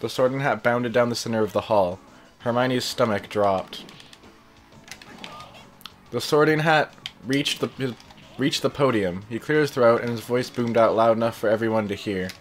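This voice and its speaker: A man's voice: mid-range voice, normal speed, pauses often, faint music behind. A man reading fan fiction aloud while playing a game, in a casual, plain delivery broken by joking, distracted asides. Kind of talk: casual read-aloud over gameplay.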